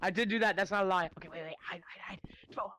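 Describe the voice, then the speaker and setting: A streamer chatting excitedly through a VR game on a headset, jumpy and playful, slipping into hushed whispers while hiding. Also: mid-range voice, quick pace, a little hiss or hum. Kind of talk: casual gaming chatter.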